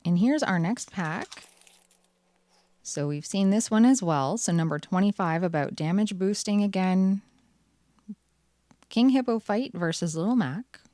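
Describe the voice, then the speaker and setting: A woman's voice: medium pitch, animated, unhurried, long pauses, dark tone, no room sound. A woman hosting her channel, chatting cheerfully through card packs with wry asides. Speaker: channel host. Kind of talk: casual card-opening commentary.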